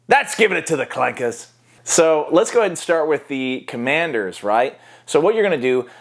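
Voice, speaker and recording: A man with a gravelly, fry-tinged voice walks through a voice acting lesson in a relaxed tutorial tone. He explains things plainly and easily, slipping into quick character demos along the way. His pitch sits in a middle range for a man. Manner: easygoing, explanatory, breaks into voice demos. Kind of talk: casual how-to tutorial.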